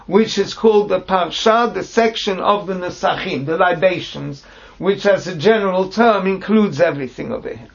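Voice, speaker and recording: Gravelly high-voiced man teaching Torah. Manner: translates Hebrew phrase by phrase, halting restarts. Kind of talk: text study class. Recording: dull lo-fi recording.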